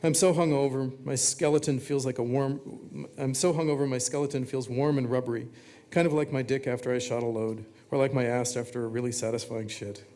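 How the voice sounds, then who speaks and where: A man reading his own text aloud, delivering short confessional quips in a flat, deadpan way. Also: mid-range voice, fairly quick.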